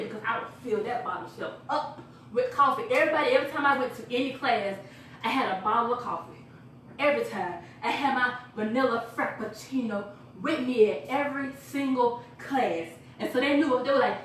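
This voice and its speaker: A woman giving an energetic, chatty sales pitch to a small live group, laughing and quizzing her listeners. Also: fast talker, a little hiss or hum. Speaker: product presenter. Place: echoey room with a small live audience. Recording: echoey room from far off.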